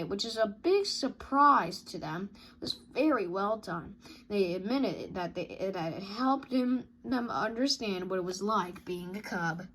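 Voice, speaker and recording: A woman reading a children's picture book aloud in an expressive way. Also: mid-range voice, slight background noise. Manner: expressive, sound-effect dings between pages. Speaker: storybook reader.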